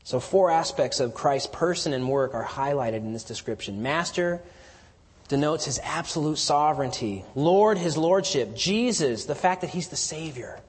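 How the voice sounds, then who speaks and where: A man preaching an expository sermon, teaching verse by verse and swelling into emphatic declarations before dropping quiet again. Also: mid-range voice, slightly rough. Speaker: pastor. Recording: long hall reverb.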